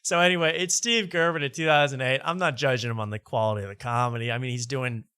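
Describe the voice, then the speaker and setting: A man's voice: mid-range voice, steady tone, quick pace, sharp tone, clean tone, no room sound. Casual joking male podcast host. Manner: loose, joking commentary. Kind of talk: casual chat reacting to clips.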